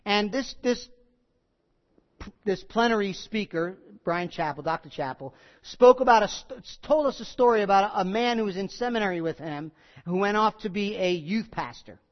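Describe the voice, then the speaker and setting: A man preaching a sermon, telling a story with animated emphasis and then dropping to quiet appeals and prayer. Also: high voice, normal speed. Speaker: pastor. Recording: muffled sound with long hall reverb.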